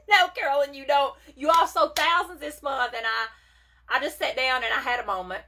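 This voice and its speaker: A woman's voice: high voice, a little fast, pushed and bright. A woman, chatting folksily to viewers on a live stream while selling makeup. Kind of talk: casual live-stream chat.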